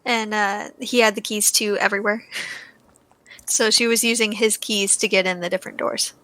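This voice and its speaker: A young woman co-hosting a casual podcast chat about a horror movie, matter-of-fact, with dry quips and quick laughs. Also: medium pitch, fairly even intonation, sharp tone, dry recording. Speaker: podcast co-host.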